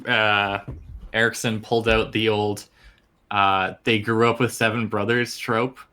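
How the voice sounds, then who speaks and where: Wry man co-host with a bright, forceful voice reading chapter recaps. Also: lowish voice, flat delivery, a little slow, clear, resonant tone. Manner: wry, joking. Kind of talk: casual book-club chat.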